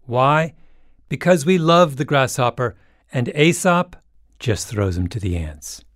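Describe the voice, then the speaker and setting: Male podcast host, scripted narration, wry and dramatic, with a very lively melody. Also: medium pitch, a little slow, no echo, studio quality. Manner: dramatic, wry, with emphatic swings in delivery.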